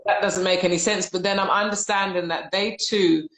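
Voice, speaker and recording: A woman's voice: mid-range voice, steady tone, normal speed, fairly bright tone. Woman, host, reflective storyteller, roomy echo, video call. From United Kingdom. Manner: reflective storytelling, reads viewer comments aloud. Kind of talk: live casual discussion.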